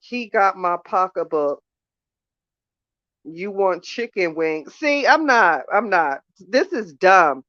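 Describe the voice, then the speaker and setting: A woman's voice: mid-range voice, big pitch swings, takes it slowly, fairly bright tone, dry recording, highs cut off. A woman vlogging in casual chat, ranting to her viewers in an exasperated way about her evening plans.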